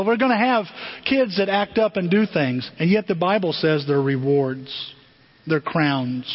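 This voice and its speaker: Older male preacher, animated storyteller, raspy high voice, long reverb and muffled sound. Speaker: pastor. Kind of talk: sermon. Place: church sanctuary. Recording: dull long-reverb church hall.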